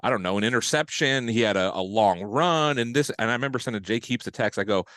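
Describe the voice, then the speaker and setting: A man hosting a sports podcast, telling stories in a lively, casual way with bits of slang. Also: medium pitch, fast talker, few pauses, no echo. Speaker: podcast host.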